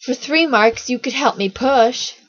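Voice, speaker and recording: A twelve-year-old boy, firm and exasperated at being cheated, as a woman reads him from a storybook. Her voice is breathy and husky, close and dry, the recording a little dull. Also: high voice, measured pace, no echo, pitched above the performer's own voice.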